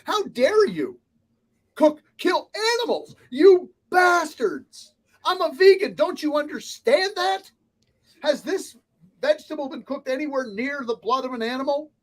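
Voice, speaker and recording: A man mimicking an outraged vegan woman customer, shrill and shouting. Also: fairly quick.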